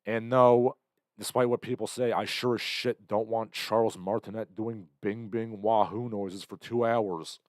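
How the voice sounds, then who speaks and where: A man's voice: fairly low pitch, steady tone, measured pace, dry recording, studio quality. A young man hosting a casual livestream, rambling sardonically through chat comments. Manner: rambling, sardonic, bursts into loud impressions. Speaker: livestream host.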